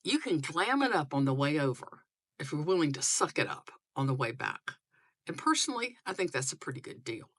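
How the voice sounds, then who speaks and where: A woman from the United States, older, giving casual travel tips to camera in a chatty, animated way. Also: low-pitched, a little fast. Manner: chatty and animated, dropping to a near whisper for asides. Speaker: vlogger.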